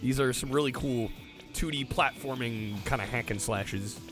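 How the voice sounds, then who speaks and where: Over background music, a streamer host with a mid-range voice talks at a moderate pace. His casual livestream is laid-back as he chats and thanks viewers.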